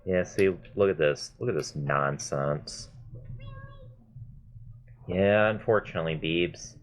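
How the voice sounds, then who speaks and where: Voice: very deep voice, slow pace, muffled recording. A gamer in their mid twenties giving chatty, self-mocking gameplay commentary and swearing freely. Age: mid 20s. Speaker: gaming video host.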